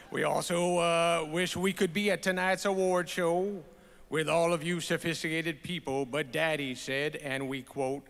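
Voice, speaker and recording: A man reading a comic roast letter aloud in a put-on Southern accent, with a slow, drawn-out delivery at an awards ceremony. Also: on the high side, gravelly, fairly bright tone. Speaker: award recipient. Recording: reverberant awards hall, faint ambience.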